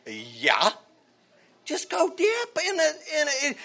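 A man preaching a fervent sermon, swinging from shouts to hushed tones, with folksy phrasing and rhetorical questions. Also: extremely high pitch, huge pitch swings, measured pace, slightly rough, soft background music. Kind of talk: evangelical sermon.

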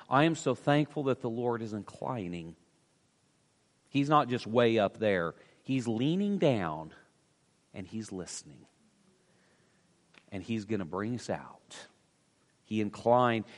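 A man preaching an earnest sermon as pastor, swelling louder and then dropping to a hush. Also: medium pitch. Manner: earnest, with swells of loudness and hushed drops. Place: church sanctuary. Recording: long church reverb.

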